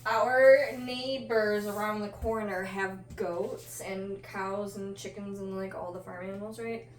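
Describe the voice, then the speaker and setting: A woman cutting a man's hair at home, chatting and telling lively stories with plenty of laughter. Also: mid-range voice, measured pace, recorded from a distance. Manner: lively, animated storyteller who laughs often. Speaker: hairstylist. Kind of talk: casual storytelling chat. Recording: echoey room, voice off-mic. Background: electric clippers buzzing.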